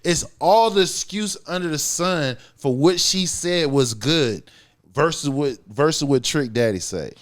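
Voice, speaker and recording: A man's voice: on the high side, lively intonation, a little slow. Blunt, profane man holding forth. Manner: blunt, profane, emphatic, keeps asking "you feel what I'm saying". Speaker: podcast co-host. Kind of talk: casual podcast commentary.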